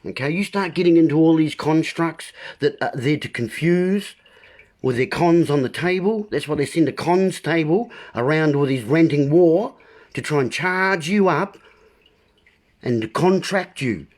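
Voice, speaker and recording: A vlogger addresses his viewers in an impassioned, frustrated monologue, his slightly high, darkish voice expressive and unhurried. He rants emphatically, playing with words.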